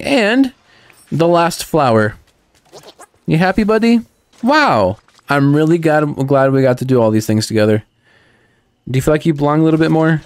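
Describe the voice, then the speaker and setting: A man commenting excitedly on a cozy video game, talking sweetly to the characters. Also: a little high, moderate pace, long pauses, smooth, no room sound, soft background music. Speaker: gaming channel host. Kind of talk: let's play commentary.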